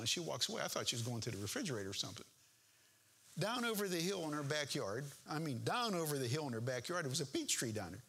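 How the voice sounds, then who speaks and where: A man's voice: on the high side, big pitch swings, fast talker, fairly bright tone, husky. An older man preaching a sermon as pastor, reading scripture aloud and breaking off into homespun, joking asides about his family.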